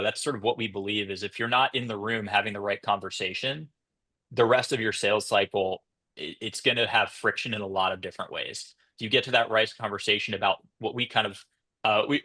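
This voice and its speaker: A man's voice: lowish voice, brisk, sharp tone. A man speaking on a conference panel about sales, thoughtful, with frequent restarts and hedges. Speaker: panelist, sales tech founder.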